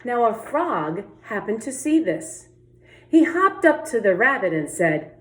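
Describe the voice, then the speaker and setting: A woman reads a children's picture book aloud, taking her time and letting her pitch leap around. She voices each animal as she goes. The room around her rings with echo. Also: unhurried. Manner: lively storybook reading, voicing each animal, urging kids to sing along. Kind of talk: children's read-aloud with sung refrain. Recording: echoey room.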